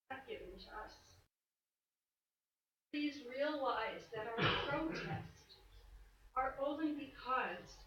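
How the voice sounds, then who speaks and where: A woman's voice: fairly high pitch, fairly bright tone, recorded from a distance, a little hiss or hum. A woman speaking at a town council meeting, emotional, earnest and pleading, with hesitations. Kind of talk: public comment. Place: council chamber. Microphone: distant room mic. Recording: echoey, muffled, off-mic council recording.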